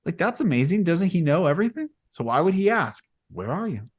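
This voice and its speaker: A male podcast host in casual spiritual conversation, telling long rambling stories that grow animated as he retells them. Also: high-pitched, fast.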